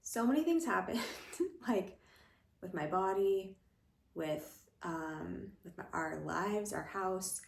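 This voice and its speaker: A woman's voice: medium pitch, animated, takes it slowly, vocal fry, echoey room. A young woman chatting casually in a rambling, filler-heavy vlog at home, a little out of breath. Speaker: vlogger. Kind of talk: casual pregnancy vlog chat. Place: room at home.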